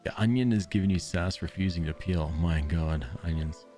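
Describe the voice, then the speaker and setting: Streaming a game, this Australian talks in a relaxed way about his gameplay and keeps drifting into long, tangent-prone stories. His voice is low and mellow at a moderate pace, with faint background music.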